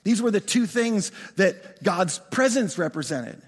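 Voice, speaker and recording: High-voiced male pastor preaching in a hall. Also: unhurried. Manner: animated, repeats words, asks the congregation questions. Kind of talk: sermon.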